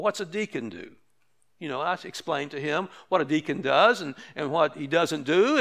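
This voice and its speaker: Preacher guy, kinda high voice, chatty sermon, lots of restarts. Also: bright, forceful tone. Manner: conversational preaching with restarts and asides. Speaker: pastor.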